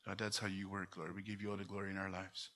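A man's voice: sits low, flat delivery, fast, a bit bright. A man in a church, giving a short exhortation and then praying fervently, calling on the Lord again and again. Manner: fervent, repeats "Lord" often. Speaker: church member giving a word. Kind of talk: exhortation and spoken prayer. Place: church sanctuary.

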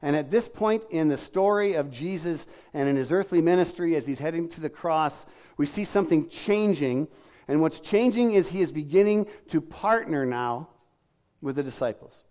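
A middle-aged male pastor preaches with a slightly raised pitch. He speaks conversationally, acts out the lines he quotes, and checks in with his listeners through questions. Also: lively intonation, moderate pace, a little mellow. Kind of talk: sermon.

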